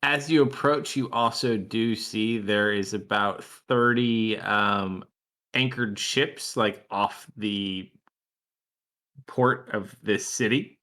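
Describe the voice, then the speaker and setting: A man's voice: fairly low pitch, slow pace, sharp tone. A man narrating as game master in a tabletop game, loose and full of fillers.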